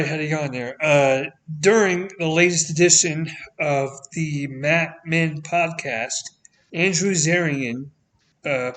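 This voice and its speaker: A man's voice: fairly high pitch, a bit bright. A man with a Canadian accent hosting a casual podcast, reading news items aloud with blunt, sweary, sarcastic asides. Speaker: podcast host.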